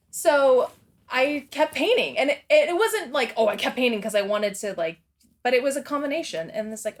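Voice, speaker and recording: Rambling, candid woman with a high voice. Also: expressive, moderate pace. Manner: rambling and candid, swears freely; laughs often between thoughts. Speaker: interview guest. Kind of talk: casual interview chat.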